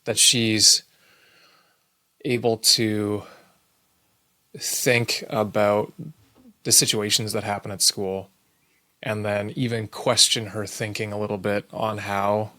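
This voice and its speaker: A man in his thirties co-hosts a parenting podcast, chatting casually and posing thoughtful, guiding questions. His lowish voice has a sharp tone and flat delivery, moving slowly with long pauses.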